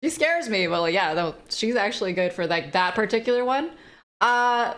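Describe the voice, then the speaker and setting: A woman's voice: mid-range voice, expressive, moderate pace, fairly bright tone. A woman streamer giving live gameplay commentary, exclamatory and swearing, talking back at the game.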